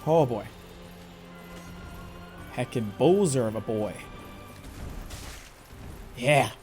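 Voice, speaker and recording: A man with a fairly high voice talks his way through a game on a live stream. He chats away, exclaims, and addresses the enemy, with faint music underneath. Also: expressive, fairly quick, a little mellow. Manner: chatty, talks to himself and the enemy, exclaims often. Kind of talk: live gameplay commentary.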